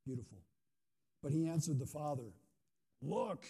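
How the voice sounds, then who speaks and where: A man's voice: a little high, normal speed, dark tone. A male pastor giving a conversational sermon, often asking his listeners questions. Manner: conversational, asks the audience questions.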